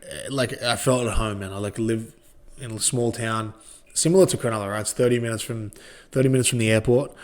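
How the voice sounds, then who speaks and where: A man in his thirties with an Australian accent, chatting as a podcast guest in a laid-back, rambling way and swearing freely. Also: lowish voice. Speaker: guest, former rugby league player. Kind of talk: casual podcast chat.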